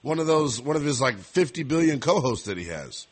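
A young man hosting a sports call-in radio show, chatting casually and teasing callers with quick jokes. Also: medium pitch, big pitch swings, crowd noise. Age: young adult. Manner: joking, teasing, quick asides.

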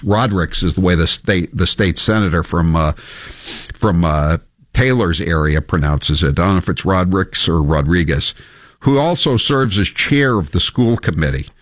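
A man's voice: low voice, a bit bright, no echo. A man hosting a talk radio show. He reads the news in casual banter and drops wry, offhand asides. The sound is dry and close.

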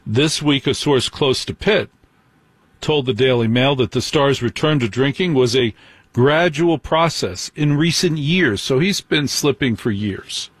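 A man's voice: medium pitch, unhurried, slightly rough, dry recording. A man giving sarcastic celebrity gossip commentary as a host, with mocking, scornful asides.

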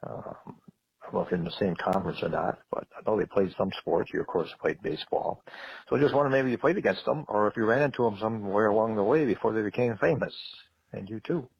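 A man from Wisconsin calling in to a radio show, asking questions slowly and hesitantly. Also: on the low side, expressive, creaky, husky. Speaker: caller. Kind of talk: phone call to radio show. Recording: muffled phone line.

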